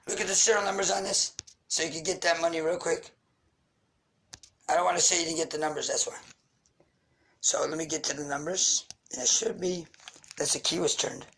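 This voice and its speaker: A man's voice: on the high side, steady tone, a little fast, gravelly, pauses often, fairly bright tone, slight background noise, low-quality recording. A man rants into the camera, angry and accusatory. He fires off grievances and insults in a raw, unscripted monologue. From Queens, New York. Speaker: vlogger. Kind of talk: ranting monologue.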